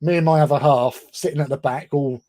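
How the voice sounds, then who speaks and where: A man's voice: fairly high pitch, fairly even intonation, brisk, mellow. An English man telling a long, self-deprecating story in casual chat on a livestream, often laughing. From England. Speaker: livestream co-host.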